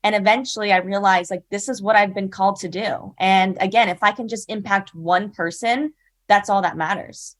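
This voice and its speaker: A woman's voice: mid-range voice, fairly even intonation, normal speed. Earnest young woman telling her story. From South Carolina. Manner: earnest, chatty, frequent "like" and "you know". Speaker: podcast guest, speaker. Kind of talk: casual storytelling in an interview.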